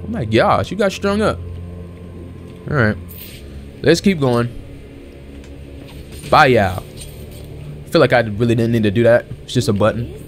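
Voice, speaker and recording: A man hosting a let's play, excitable and slangy, exclaiming at the game as he plays. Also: mid-range voice. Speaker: gaming channel host. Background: game music and sound effects.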